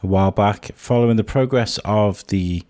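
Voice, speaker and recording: A man hosting a podcast, husky and a bit hoarse from a cold, introducing the episode in a chatty, rambling way. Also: fairly low pitch, normal speed, a little mellow, no echo, clean studio sound. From England. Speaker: podcast host.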